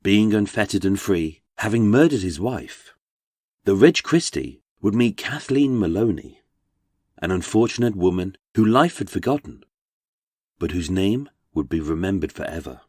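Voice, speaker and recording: A man's voice: sits low, animated, normal speed, darkish tone, breathy edge, no room sound, studio quality. A man with a British accent, narrating a true-crime podcast in a dramatic, darkly wry storytelling manner. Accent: British English.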